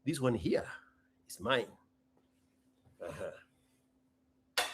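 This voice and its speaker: A man's voice: mid-range voice, big pitch swings, extremely slow, slight background noise. A young man hosting a casual live stream, playful and theatrical, chatting and joking with himself.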